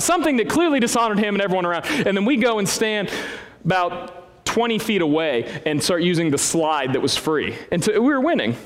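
A male pastor preaches in a church hall, his voice set a little higher than most men's. He tells stories animatedly and pokes fun at himself, jumping up and down in pitch. A long reverb from the hall trails behind every phrase. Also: brisk. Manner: animated, self-deprecating storytelling with big swings in pitch. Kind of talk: sermon.

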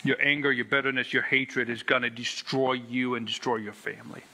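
A man voicing God in his story, speaking in a firm, quiet tone. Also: mid-range voice, level tone, brisk, a little hiss or hum, pitched below the performer's own voice, rough recording. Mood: stern. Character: God, calm stern divine male voice.

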